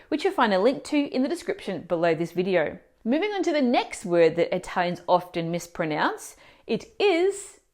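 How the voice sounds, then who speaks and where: Lively woman explaining pronunciation. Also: high-pitched. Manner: clear, explanatory, asks the viewer questions. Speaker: Italian language teacher. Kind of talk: scripted video lesson narration.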